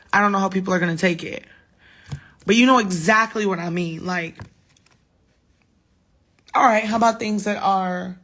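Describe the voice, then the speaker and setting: A woman's voice: mid-range voice, fairly bright tone. Tipsy woman rambling on a livestream. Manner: rambling, profane, emphatic. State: a little drunk. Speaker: singer livestreaming to fans. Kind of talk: casual late-night livestream chat. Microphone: phone livestream.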